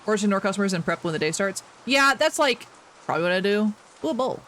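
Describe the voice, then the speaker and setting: A young man streaming a video game, chatting casually with his chat while he plays, animated and self-mocking. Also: sits high, quick pace.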